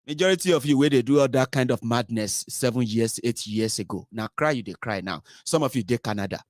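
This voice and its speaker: A man's voice: mid-range voice, a little fast, few pauses, no room sound, studio quality. A middle-aged Nigerian man giving sardonic political commentary in a casual vlog, mixing in pidgin and Yoruba phrases.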